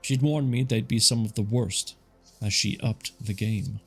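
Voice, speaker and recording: Man, low voice, live audiobook reading, casual asides, faint music behind. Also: a little slow, vocal fry, husky. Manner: casual, self-correcting, comments on his own reading. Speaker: audiobook narrator.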